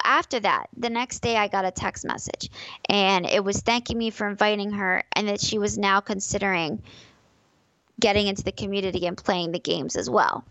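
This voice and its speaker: A woman's voice: medium pitch, fairly bright tone, no echo, low-quality recording. Emphatic woman on a dry mic. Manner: emphatic, repeats key phrases. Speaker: podcast guest, competitive fighting game player. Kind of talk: casual podcast conversation.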